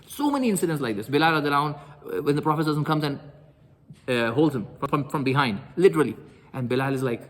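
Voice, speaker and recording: A man's voice: mid-range voice, lively intonation, fast, fairly bright tone, big-room sound. A man giving a religious lecture, telling stories animatedly and acting out the dialogue.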